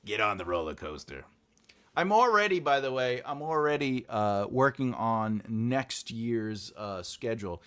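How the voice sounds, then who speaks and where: Animated rambling male live-stream host. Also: mid-range voice, unhurried, clear, resonant tone. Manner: rambling, animated, laughs often, acts out quotes. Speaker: writing teacher and show host. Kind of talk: live-stream chat with viewers.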